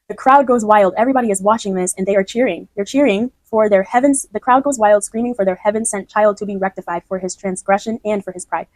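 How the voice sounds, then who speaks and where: A woman's voice: mid-range voice, fast, no room sound, rough recording. A woman explaining her own poem in a chatty way, often restarting and checking that the listener follows. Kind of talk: casual spoken explanation.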